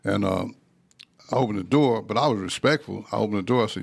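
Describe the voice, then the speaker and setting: A gravelly, low-voiced older man spins his anecdotes with energy. He slips into other voices as he acts out the scenes, in an easy conversational style. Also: fast. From Texas. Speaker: podcast guest. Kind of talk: storytelling in casual conversation.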